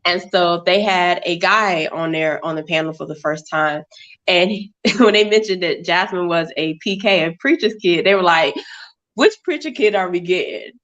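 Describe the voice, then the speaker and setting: A woman co-hosting a casual podcast, incredulously recapping a reality show, often laughing and going up high to quote people. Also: moderate pace, a bit bright, muffled recording. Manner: laughing, incredulous, rises in pitch when quoting. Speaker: podcast co-host.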